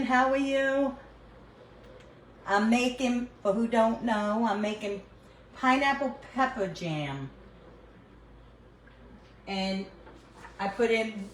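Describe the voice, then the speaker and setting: Older New York woman cooking and chatting. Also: on the high side. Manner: chatty, laughs often, talks while cooking. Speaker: cooking livestream host. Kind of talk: casual cooking chat. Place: home kitchen. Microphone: phone. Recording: echoey room, faint background noise.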